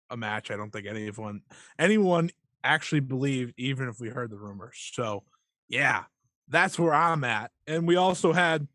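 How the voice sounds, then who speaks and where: A man co-hosting a casual wrestling podcast, talking excitedly and swearing freely. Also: medium pitch, no room sound, clean studio sound. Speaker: podcast co-host.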